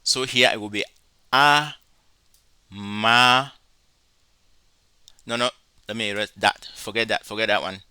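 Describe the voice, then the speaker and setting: Male teacher, deliberate lecture delivery, syllable by syllable, dry close sound. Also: on the low side, steady tone, bright, forceful tone, clear, resonant tone, no echo. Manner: slow, deliberate, spells out syllables. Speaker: Greek teacher. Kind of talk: recorded lecture.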